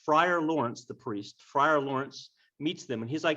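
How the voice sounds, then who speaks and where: A man's voice: a little high, measured pace, few pauses. A man teaching a class by retelling a story with jokes, speaking directly to the students. The recording sounds dull and lo-fi. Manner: joking, lively, addresses class directly. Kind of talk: humorous storytelling lesson.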